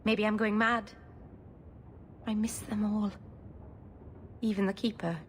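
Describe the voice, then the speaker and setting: An actress playing a sweet, nervous young elf mage in a game, rambling earnestly and putting herself down. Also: female voice, mid-range voice, flat delivery, takes it slowly, a little hiss or hum, lightly acted. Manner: earnest, self-deprecating rambling.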